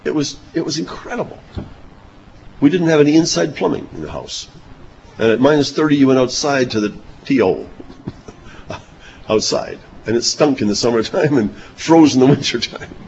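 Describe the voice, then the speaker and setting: An older man delivers a sermon in a folksy, chuckling manner, his voice rising and falling with lively pitch. The recording is a little dull, with faint noise in the background. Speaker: preacher.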